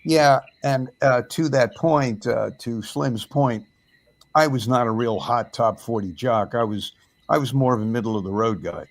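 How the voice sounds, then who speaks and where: A man's voice: mid-range voice, measured pace. Older man reminiscing with lots of uhs. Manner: storytelling with frequent fillers. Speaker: former radio DJ. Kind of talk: casual reminiscing chat.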